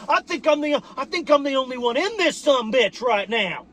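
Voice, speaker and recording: A boisterous man with a very high voice tears into a profane post-game victory rant from inside a car. He swears freely and breaks into sudden shouted bursts. A faint hum sits behind him. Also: lively intonation, moderate pace, hardly any pauses. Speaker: football fan vlogger.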